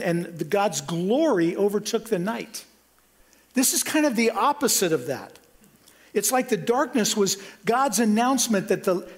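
A middle-aged man from Kansas preaching a sermon, earnest, with frequent restarts and a voice that rises for emphasis. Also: sits high. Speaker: pastor.

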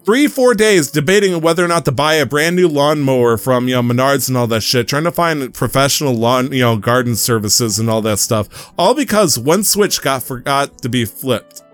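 A man's voice: medium pitch, animated, moderate pace, hardly any pauses, soft background music. A young man hosting a podcast, telling a rambling story in casual chat and swearing freely. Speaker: podcast host.

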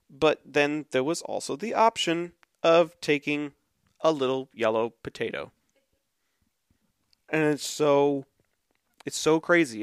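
An animated man with a lively, bouncing voice that sits a little high for a man. He co-hosts a podcast in a casual chat, reading tweets aloud and laughing as he goes. The sound is dry and close. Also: clean tone, no echo. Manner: animated, laughs often, acts out quoted kids loudly. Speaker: podcast co-host.

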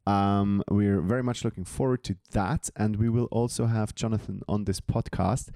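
A man with a fairly low voice, co-hosting a comedy podcast with wry, mock-formal asides to the audience. The sound is dry and close to the mic. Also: steady tone, normal speed, dark tone, no room sound. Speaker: podcast co-host. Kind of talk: casual comedy podcast banter.

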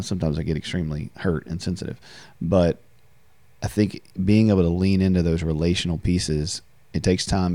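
A man's voice: deep voice, dark tone, no echo. A man hosting a podcast, talking in a reflective, conversational way and often repeating words as he speaks. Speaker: podcast host and counselor. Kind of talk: casual conversational podcast talk.

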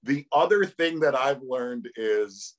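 A man's voice: mid-range voice, lively intonation, takes it slowly. A middle-aged man, a tournament commentator, telling stories with animation and laughter in a casual interview.

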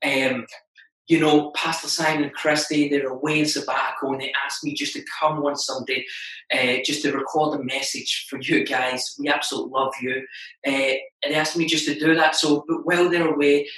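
A man's voice: fairly high pitch, flat delivery, normal speed, sharp tone, reverberant, recorded from a distance, poor audio. A man with a strong Scottish accent, a guest pastor giving a recorded sermon with jokes and a casual manner. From Scotland. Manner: joking, self-deprecating, Scottish words like wee.

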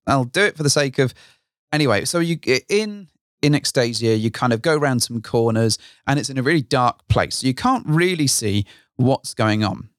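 A man co-hosts a casual podcast, his voice sitting at an ordinary middle pitch. He tells stories in a rambling way, correcting himself and laughing often. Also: expressive, normal speed. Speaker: podcast co-host. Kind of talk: casual chat.

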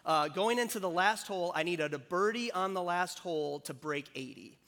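A man's voice: sits high, lively intonation, moderate pace, fairly bright tone. Man preaching with a conversational, storytelling manner. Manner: conversational, self-deprecating storytelling. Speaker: pastor. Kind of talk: sermon with a personal story. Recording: long hall reverb.

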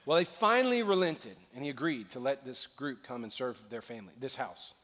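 A man's voice: mid-range voice, expressive, brisk, a bit bright. A male pastor preaching a sermon, telling a story with earnestness and building to a fervent call to action. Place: large church auditorium. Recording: long reverb in a large hall.

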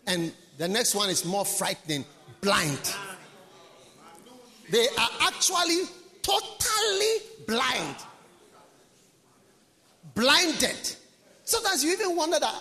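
A male pastor preaching an emphatic, repetitive sermon in a high, bright voice. He swings between hushed lines and shouts, and a long reverb fills the large conference hall. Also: sing-song, measured pace, pauses often.

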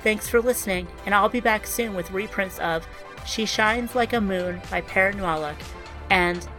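A woman narrating a short story for a podcast in a measured, even storytelling manner. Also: mid-range voice, music in the background. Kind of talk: scripted narration.

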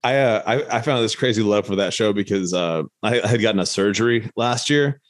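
Deep-voiced laid-back podcast host. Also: male voice, brisk. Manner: laid-back, swears freely. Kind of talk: casual chat.

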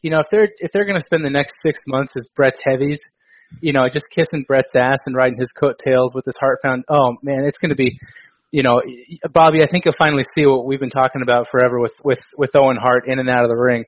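A man co-hosting a casual podcast chat, animated and excitable, on a dull lo-fi recording. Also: medium pitch, fast, no room sound. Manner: animated, excitable, mimics people for laughs. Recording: dull lo-fi dry sound.

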